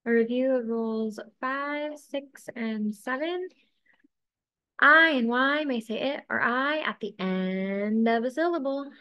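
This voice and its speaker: A woman narrating a scripted lesson, speaking slowly and enunciating each drill word carefully. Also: fairly high pitch, clear, resonant tone, lo-fi sound.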